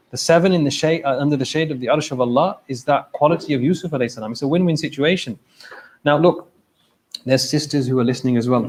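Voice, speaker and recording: A man's voice: mid-range voice, a little mellow. A man giving an informal, conversational sermon at a mosque, addressing the congregation directly and often checking in with "okay?". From England. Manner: conversational, direct, frequent "okay?" and "look", brief laughs. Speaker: speaker at a mosque event. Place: mosque hall.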